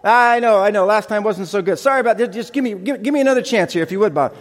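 A preacher playing a pushy, stammering neighbor. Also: male voice, high-pitched, fast, pitched above the performer's own voice, lightly acted. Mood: pleading. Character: overeager male neighbor pleading at the door. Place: church sanctuary. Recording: reverberant hall.

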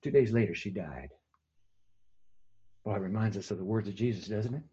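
A male pastor giving a conversational sermon, swinging between emphatic and hushed delivery. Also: lowish voice, brisk, slightly rough, dull audio.

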